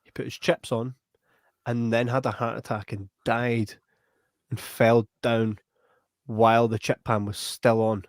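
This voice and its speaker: A young Scottish man hosting a podcast uses a mid-range voice at a measured pace, rambling animatedly through a long story and frequently saying "right?". The sound is clean studio audio with no room sound.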